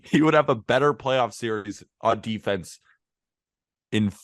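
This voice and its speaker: A man co-hosting a casual sports podcast, chatty and quick to laugh, on a close mic. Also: medium pitch, no room sound. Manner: animated, laughs often, chatty. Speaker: podcast co-host.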